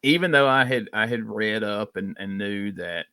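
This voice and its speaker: A man talking as a guest in a casual podcast chat, relaxed and chatty, laughing easily. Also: fairly low pitch, normal speed.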